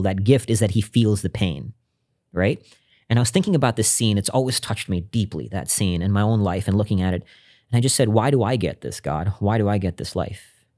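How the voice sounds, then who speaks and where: A man as a podcast guest, telling a personal story in an earnest, reflective way and often dropping to a hushed voice. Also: lowish voice. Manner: earnest and reflective, drops to a hushed voice when recounting intimate moments. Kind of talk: conversational interview storytelling.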